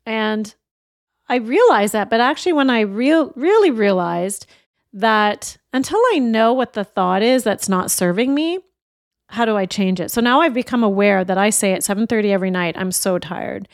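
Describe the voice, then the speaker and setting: A woman's voice: medium pitch, animated, normal speed, no echo, studio quality. A middle-aged woman life coach giving an earnest, reflective motivational talk and sharing personal stories openheartedly. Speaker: life coach and podcast host.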